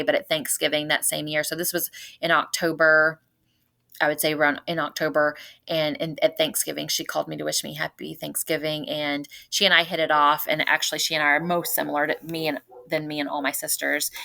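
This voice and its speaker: Podcast guest, woman, 40s, from North Louisiana; low-pitched, bright-edged delivery, earnest storyteller. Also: vocal fry. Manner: earnest, retells events by quoting everyone's words. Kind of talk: personal storytelling in casual conversation.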